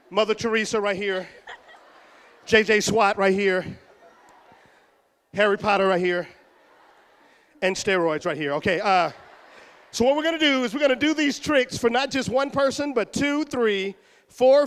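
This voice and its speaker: High-voiced man joking with a crowd. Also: smooth. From Houston, Texas. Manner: loud, teasing, calls out to the audience. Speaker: visiting entertainer at a school assembly. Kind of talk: joking live show banter with a crowd. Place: middle school gym or auditorium.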